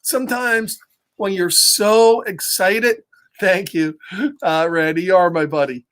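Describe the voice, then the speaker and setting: Slow, cheery man reading to kids. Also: sits high, fairly even intonation, a bit bright. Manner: chatty, upbeat, laughs often, greets viewers. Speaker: storybook reader for children. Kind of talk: read-aloud story time with live chat.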